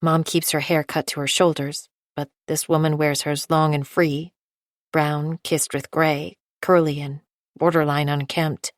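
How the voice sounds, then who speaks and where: A woman reading a first-person thriller audiobook in a measured, low-key way. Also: little pitch movement, dry recording, clean studio sound. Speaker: audiobook narrator. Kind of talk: scripted first-person narration.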